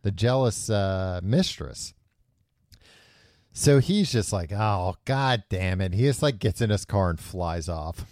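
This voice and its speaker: A man's voice: on the low side, animated, slow, dark tone, no room sound, studio quality. A man hosting a podcast, casually retelling a book's plot with loose, offhand quoted voices. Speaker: podcast host. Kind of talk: casual book discussion.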